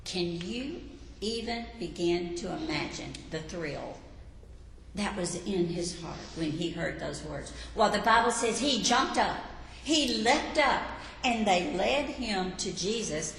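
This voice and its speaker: Middle-aged woman preacher, slow and deliberate, voice ringing through a big echoey hall with faint hum. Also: on the low side, animated, gravelly. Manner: earnest, dramatic storytelling with acted shouts. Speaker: women's ministry speaker. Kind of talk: sermon.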